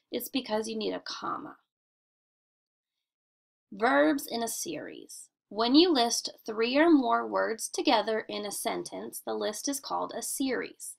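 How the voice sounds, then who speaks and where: A woman teacher talks children through a grammar lesson in a deliberate, sing-song classroom voice. She sits a little high in pitch, and a gravelly fry runs under her words. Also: a bit bright. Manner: slow, deliberate, sing-song classroom delivery with emphatic questions.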